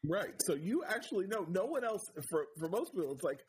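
High, swooping bantering man. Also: very animated, a little fast, slight background noise, low-quality recording. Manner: jokey, bantering. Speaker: podcast co-host. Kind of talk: casual chat.

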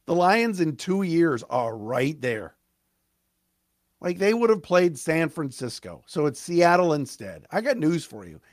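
A man hosting a sports podcast, ranting excitedly with stumbling restarts, his voice cracking. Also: a little high, no room sound, clean studio sound. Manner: fired-up, rapid, stumbling restarts.

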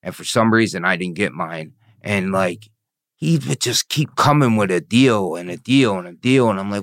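Blunt low-voiced man telling his story. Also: animated, normal speed, a bit bright, no room sound, clean studio sound. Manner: blunt, swearing, frequent "you know what I mean". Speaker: interview guest. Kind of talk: candid storytelling, profane.

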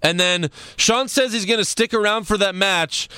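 A man's voice: high-pitched, moderate pace, pushed and bright, smooth, no room sound. A young man hosting a casual podcast, recapping wrestling in a loose, rambling way with some swearing. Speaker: podcast host.

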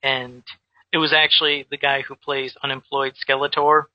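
A man telling a story in casual chat, animated, with many restarts and repeated words. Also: medium pitch, moderate pace, dry recording, muffled recording. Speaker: guest who makes custom action figures.

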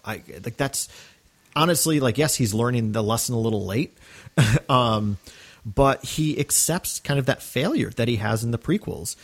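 A man's voice: mid-range voice, vocal fry, breathy edge. A man co-hosting a podcast, talking earnestly and enthusiastically in casual chat, with many fillers and restarts. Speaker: podcast co-host.

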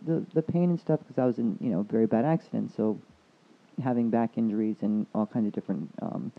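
A woman chatting casually about energy and spirituality, telling a rambling story and quoting others with a lively voice. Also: extremely low pitch, fairly quick. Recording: tinny phone-like line.

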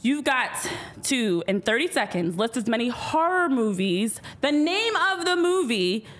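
A woman's voice: a little high, big pitch swings, measured pace, fairly bright tone. A woman hosting a podcast game, playful and teasing, laughing often. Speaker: podcast host. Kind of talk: casual game-show chat.

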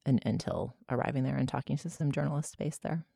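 American woman co-host, very deep with vocal fry, dry close mic. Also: fairly even intonation, fast talker, dark tone, dry recording. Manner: chatty, trailing restarts. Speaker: podcast co-host. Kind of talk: casual chat.

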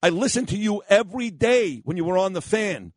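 A jovial, hearty police sergeant, his voice pushed up higher and louder, as a radio host puts him on. Eager and friendly, he sounds close and dry. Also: animated, brisk, dry recording.

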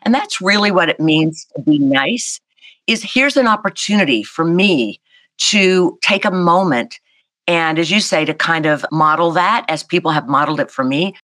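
A woman, telling a personal story as an interview guest in a lively, animated way. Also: low-pitched, normal speed, no room sound. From South Carolina, US. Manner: animated, vivid storyteller acting out voices. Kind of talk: storytelling in a conversation.

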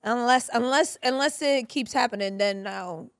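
A woman co-host with a somewhat high voice tells a personal story in loose, chatty bursts, slipping into quoted lines. The sound is dry and close, with no room around it. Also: moderate pace, dry recording. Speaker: podcast co-host. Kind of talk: casual chat.

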